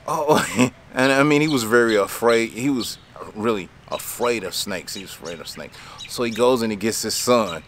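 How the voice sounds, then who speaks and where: A man's voice: mid-range voice, normal speed, fairly bright tone, a little hiss or hum. A man who runs a lawn care business casually tells a story, rambling with many fillers and laughing often.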